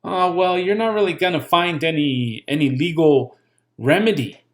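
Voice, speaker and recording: A man's voice: on the high side, moderate pace. A man casually explaining legal paperwork, blunt and joking, repeating his points and swearing now and then. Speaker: channel host giving legal pointers.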